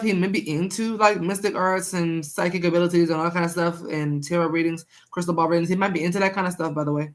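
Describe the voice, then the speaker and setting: A young woman doing a casual live-stream tarot reading, chatting with viewers and repeating herself. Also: on the low side.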